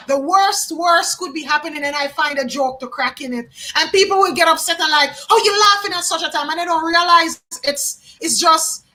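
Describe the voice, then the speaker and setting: A woman's voice: high-pitched, pushed and bright. A woman from Jamaica, giving a live psychic card reading and musing aloud, often repeating names and phrases. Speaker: tarot card reader.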